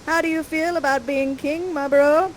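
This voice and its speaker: A woman's voice: sits high, fairly even intonation, moderate pace, a little hiss or hum, voice pushed up, lightly acted. A remorseless, scheming nobleman, as a woman puts him on talks to his accomplice in a lazy, slangy drawl. He sounds sly and unbothered by plotting murder, in live interactive theater. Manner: casual bro-ish drawl.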